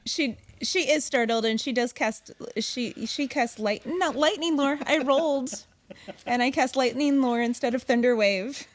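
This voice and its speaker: A woman's voice: high voice, unhurried. Hesitant, apologetic woman player. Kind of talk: playing a tabletop game.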